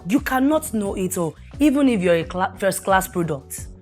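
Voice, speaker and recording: A woman's voice: medium pitch, animated, moderate pace, a little mellow, faint music behind. A middle-aged woman, hosting a talk show and giving earnest, preachy marriage advice while putting questions to the listener.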